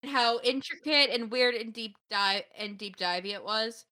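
A woman co-hosting a casual podcast, with a bright, ringing voice pitched a touch high. She jokes in a playful, deadpan way. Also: moderate pace. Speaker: podcast co-host.

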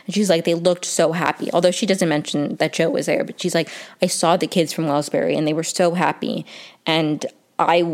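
Young woman, low voice, chatty TV recapper, lots of "like" and quick quoted asides. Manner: chatty, says "like" often, quick quoting asides. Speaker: TV recap reviewer. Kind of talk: casual episode recap.

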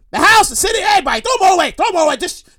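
A man hosting his own comedy show, rambling and repeating himself, with animated outbursts. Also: extremely high pitch, racing, gravelly. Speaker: podcast host. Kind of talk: comedic solo monologue.

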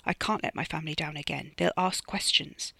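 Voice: mid-range voice, steady tone, a little fast, gravelly, bright, forceful tone, slightly rough, no room sound, full character voice. A narrator voicing Freddy, a panicking young man who lies to cover up a killing, in an audiobook reading. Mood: pleading. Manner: desperate, hissing, pleading.

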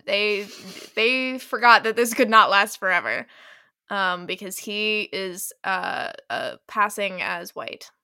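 A woman's voice: medium pitch, slow pace, bright, forceful tone, smooth, no room sound, studio quality. A young woman co-hosting a podcast, talking through book picks in an easygoing, wry way. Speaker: podcast co-host. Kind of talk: casual chat about romance novels.

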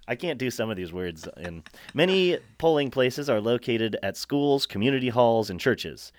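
A man's voice: mid-range voice, dry recording, studio quality. A man from the United States co-hosting a podcast, reading facts aloud in a casual chat, stumbling over words and laughing often. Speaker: podcast co-host.

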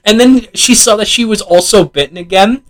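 A young man chatting casually on a gaming podcast, his voice sitting a touch high. He laughs often, swears freely and acts out lines of game dialogue as he tells them. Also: brisk, a bit bright, faint music behind, low-quality recording. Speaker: podcast co-host. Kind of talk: casual chat about video games.

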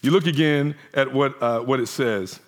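A pastor with a mid-range voice preaches at a moderate pace in a conversational style. He acts out the voices of the people he quotes.

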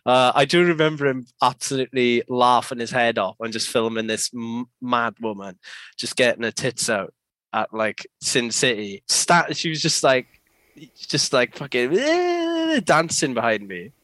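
A man from South Wales with an animated, unhurried, slightly bright mid-range voice appears as a podcast guest, sharing skate-filming stories in casual conversation. He laughs a lot, swears freely, and acts out other people's voices, with no room sound in the recording.

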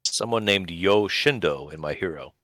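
Deep, bright-toned man with dry wit. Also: normal speed, dry recording. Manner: dry, wry remarks. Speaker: podcast co-host. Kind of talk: casual chat.

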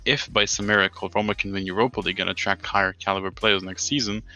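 Man, casual podcast chat, bright forceful tone, low pitch, ranting and swearing. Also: fairly even intonation, fast talker, soft background music. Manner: ranting, exasperated, swears often. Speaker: podcast co-host.

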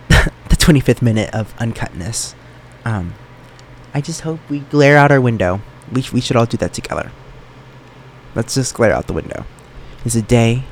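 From his bedroom, a young podcast host talks alone into his room mic, wandering playfully and poking fun at himself. His medium-pitched voice is a little mellow, and a faint fan adds slight background noise.

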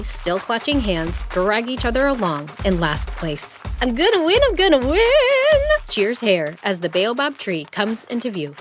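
A woman narrating a scripted children's story in an expressive, animated way. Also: mid-range voice. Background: music.

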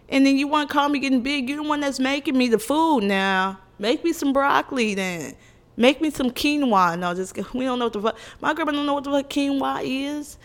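A young woman vlogger telling funny stories about her family in a casual chat. She is animated and blunt, with exclamations, laughs and cursing. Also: fairly high pitch. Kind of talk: casual comedic storytelling to camera.

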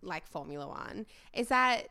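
Lively Australian woman podcast co-host. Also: on the low side, measured pace, vocal fry, smooth. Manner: enthusiastic, chimes in with short reactions. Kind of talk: casual chat.

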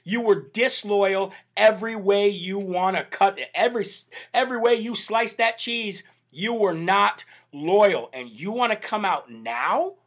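A man hosting a political commentary livestream, animated, indignant and sarcastic, often calling out to "ladies and gentlemen". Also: high voice, measured pace, hardly any pauses. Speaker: host.

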